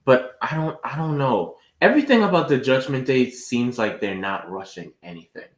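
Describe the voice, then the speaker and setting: Lively-voiced man in an echoey room. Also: normal speed. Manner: thoughtful, lively swings in pitch. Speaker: podcast co-host. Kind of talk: casual wrestling chat.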